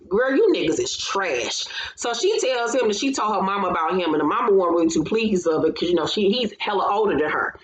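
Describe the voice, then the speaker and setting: A woman's voice: mid-range voice, animated, fairly quick, few pauses. Blunt, profane woman recapping in a roomy echo. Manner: blunt, profane and emphatic, often laughing. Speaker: channel host recapping a reality show. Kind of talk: casual commentary recap.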